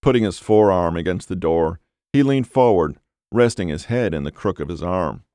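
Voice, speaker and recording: A man narrating a dark novel as an audiobook, in a measured, unhurried way. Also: sits low, expressive, no room sound, studio quality.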